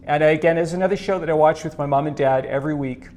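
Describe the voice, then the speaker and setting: A man's voice: on the high side, fast talker, a little hiss or hum. Earnest middle-aged man recalling shows. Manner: earnest, explains at length, steady. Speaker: podcast co-host. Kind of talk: casual chat.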